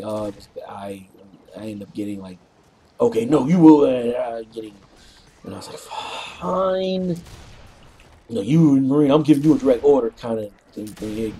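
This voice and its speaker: A man casually telling a rambling, animated story, clearing his throat often and swearing freely. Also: lowish voice, slight background noise. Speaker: co-op gaming channel host.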